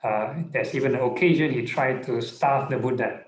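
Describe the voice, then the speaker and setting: A man, a monk, giving a relaxed Buddhist Dhamma talk online, with many fillers and checking in with "yeah?". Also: medium pitch, normal speed, reverberant, low-quality recording. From Singapore. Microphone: online video call.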